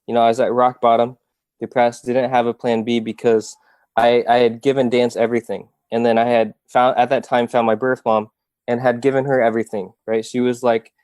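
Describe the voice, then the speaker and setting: Man, young adult, from Iowa, earnest, heartfelt, fillers and restarts, medium pitch, dry sound. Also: level tone, a little fast, a little mellow, dry recording. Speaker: guest. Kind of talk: casual interview storytelling.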